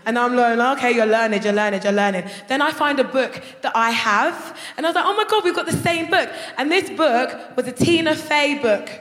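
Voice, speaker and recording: A young woman performing a loud, brash stand-up comedy routine on a theatre stage, breaking into shouts as she tells her story. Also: sits high, moderate pace, few pauses. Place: theatre stage before a live audience. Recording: echoey hall with loud audience laughter.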